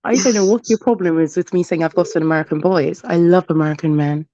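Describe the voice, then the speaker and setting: A woman with a warm, mellow voice who chats casually and pushes back earnestly. The sound is dry and a little dull, like a lo-fi call. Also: low-pitched, fast talker, no echo. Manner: earnest, protesting. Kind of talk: casual chat.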